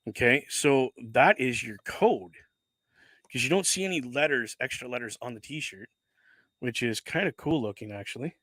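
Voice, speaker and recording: A man's voice: mid-range voice, animated, moderate pace, a bit bright, no echo. A man hosting a casual livestream, chatting as he unboxes, rambling, correcting himself and swearing casually into a desk microphone. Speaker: livestream host.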